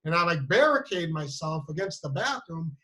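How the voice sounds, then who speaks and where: A man tells a comic personal story, mocking himself as he goes. His voice sits a little high and sounds bright and forceful. He stumbles, restarts and fills gaps with "um" and "you know". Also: big pitch swings, low-quality recording. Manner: halting, with many restarts and fillers; self-mocking.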